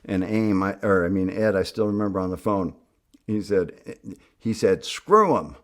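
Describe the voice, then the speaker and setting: A man telling a personal story in an animated, emphatic way, acting out what people said. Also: sits low, moderate pace. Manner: animated, emphatic, acts out quoted speech. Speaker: speaker on youth addiction treatment.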